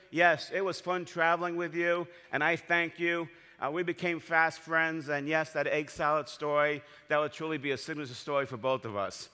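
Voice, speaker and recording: A man's voice: fairly high pitch, bright, forceful tone, smooth. A man telling heartfelt stories in a keynote speech as an association president, in a large convention hall. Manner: storytelling, heartfelt. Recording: long hall reverb.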